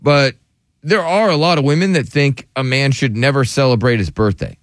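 A man's voice: medium pitch, normal speed, no room sound. A man hosting a call-in radio show from a studio, playful and teasing in his banter.

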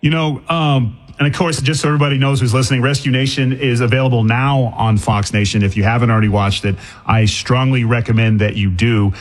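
Middle-aged radio host from Boston, fast, chatty, stumbles over restarts. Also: male voice, mid-range voice, fairly even intonation. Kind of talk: casual radio interview.

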